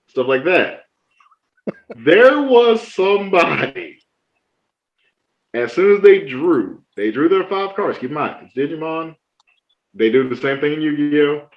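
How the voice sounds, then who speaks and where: Animated man telling stories, roomy sound. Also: unhurried, long pauses, muffled recording. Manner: animated, acts out opponents in high mocking voices. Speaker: podcast guest. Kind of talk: casual chat, storytelling.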